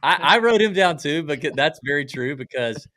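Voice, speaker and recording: A man's voice: on the high side, normal speed, no room sound. A man co-hosting a podcast, chatting casually and acting out jokey little scenes. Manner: animated, jokey, acts out silly bits. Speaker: podcast co-host. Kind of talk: casual chat.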